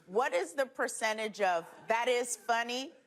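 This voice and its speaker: A woman's voice: on the high side, animated, unhurried. Teasing woman comedy panelist. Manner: joking, teasing. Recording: noisy clip.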